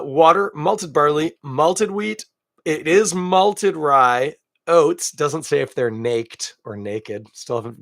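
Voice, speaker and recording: A man's voice: fairly high pitch, fairly bright tone, dry recording, clean studio sound. A man from Canada hosting a beer podcast alone, chatting casually and thinking aloud with self-deprecating asides. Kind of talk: casual solo tasting chat.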